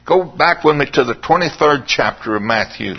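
A man preaching a sermon in a dramatic, drawn-out way, sometimes dropping to a hushed, pleading tone. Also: a little high, lively intonation, husky. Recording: dull lo-fi sermon recording.

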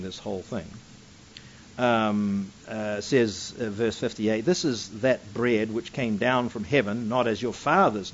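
A man giving verse-by-verse Bible teaching in a fairly high, very lively voice. He reads scripture aloud and then presses his points home with emphatic asides. The recording is dull and lo-fi.

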